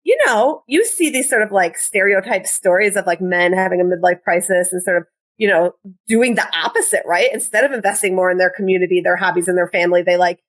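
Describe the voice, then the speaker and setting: A woman's voice: fairly low pitch, fairly quick. A woman in her forties with a Midwestern American accent, a podcast guest chatting casually with lots of "like" fillers and self-deprecating asides.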